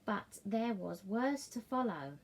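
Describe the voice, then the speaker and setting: Slow, gravelly woman reading aloud. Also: medium pitch, lively intonation. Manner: sing-song, gently coaxing. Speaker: storyteller. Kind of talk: reading a picture book aloud.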